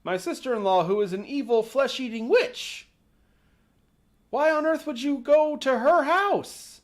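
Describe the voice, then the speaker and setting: A man voicing a worried father who loudly demands answers from his children. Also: very high-pitched, a little slow, pitched above the performer's own voice. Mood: exasperated. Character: worried father, loud and exasperated.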